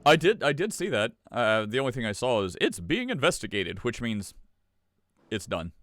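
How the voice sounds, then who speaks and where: A man's voice: medium pitch, expressive, normal speed, a bit bright, a little hiss or hum. A man hosting a podcast in casual chat, sarcastic and laughing often as he reads stories aloud. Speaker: podcast host.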